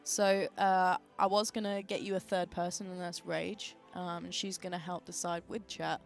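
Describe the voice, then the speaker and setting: A woman's voice: on the low side, level tone, normal speed, gravelly, faint music behind. A woman presenting on a livestream, casually and upbeat, explaining a charity goal with some fillers. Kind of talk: casual chat.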